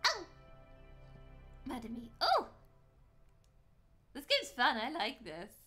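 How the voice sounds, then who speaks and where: High bright girl streamer voice, excitable, swaps into japanese a lot, super bouncy. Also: takes it slowly, husky, faint music behind. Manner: playful, excitable, mixes in Japanese. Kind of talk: casual gameplay commentary.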